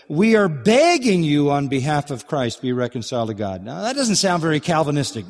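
A man preaching with fervor, his voice climbing high on key words and then dropping low and quiet. He breaks into mock dialogue to press his point. The long reverb of a large church sanctuary trails after every phrase. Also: very animated, a little fast, hardly any pauses. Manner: impassioned, sweeping pitch swings, mock dialogue asides. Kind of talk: sermon.

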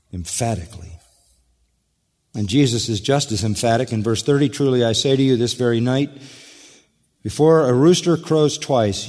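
A man preaching a sermon, emphatic, slowing down and dropping low and quiet on key words. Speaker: pastor. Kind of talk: expository sermon. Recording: long hall reverb.

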